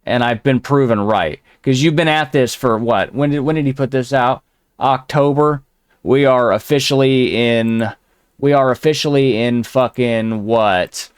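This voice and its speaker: A man's voice: mid-range voice, measured pace, clean tone, no room sound, clean studio sound. A man hosting a reaction show, mocking and ranting at the person in the clips with heavy swearing. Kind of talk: profane reaction commentary.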